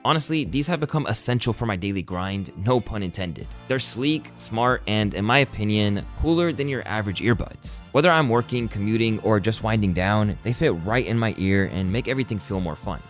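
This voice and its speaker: A man hosting a video essay, reading scripted commentary and a sponsor segment in a measured, wry way. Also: lowish voice, lively intonation, faint music behind. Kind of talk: scripted narration.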